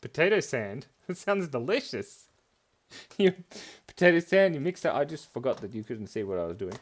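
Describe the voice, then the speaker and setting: A man's voice: medium pitch, sing-song, moderate pace. A man hosting a live drawing class for kids, talking playfully while he draws and making goofy wordplay.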